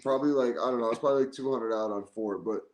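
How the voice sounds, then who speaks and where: A man co-hosting a podcast in a casual chat, telling an animated story full of "like". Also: mid-range voice, very fast. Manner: animated storytelling, heavy use of "like". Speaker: podcast co-host. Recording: echoey room.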